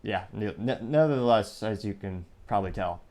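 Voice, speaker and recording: A man's voice: lowish voice, expressive, normal speed, darkish tone. A man hosting his own podcast, talking through tech news in a loose, sarcastic monologue full of asides and restarts. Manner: sarcastic, self-interrupting, digressive. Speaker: podcast host. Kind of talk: casual commentary monologue.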